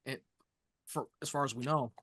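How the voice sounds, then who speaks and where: A man co-hosting a casual podcast, chatty and quick to laugh along. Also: mid-range voice, steady tone, a bit bright, breathy edge, dry recording, studio quality. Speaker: podcast co-host. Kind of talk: casual chat.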